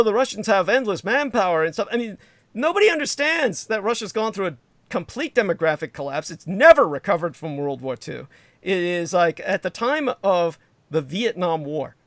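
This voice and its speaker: Male livestream host, slightly high-pitched, digressive and emphatic, dry close-miked sound. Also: no room sound. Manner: digressive, emphatic, profane asides. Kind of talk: rambling political monologue.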